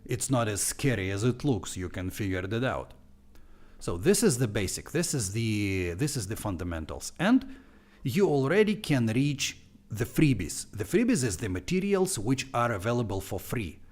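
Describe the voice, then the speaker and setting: A man with a heavy Russian accent, a Russian native speaker, walking through his course on a live stream in a playful, animated way. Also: mid-range voice, normal speed. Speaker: online language teacher.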